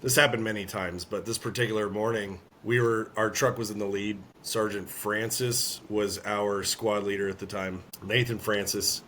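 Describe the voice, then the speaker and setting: A man, an army veteran, telling a war story in an interview, earnest and halting, often clearing his throat. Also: on the low side, steady tone, fairly bright tone, slight background noise.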